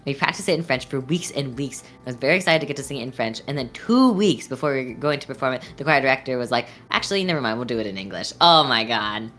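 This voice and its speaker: A woman's voice: rumbling low, fast talker, hardly any pauses, a bit bright, faint music behind. A young woman streamer chatting casually while drawing, rambling and giggly with lots of fillers.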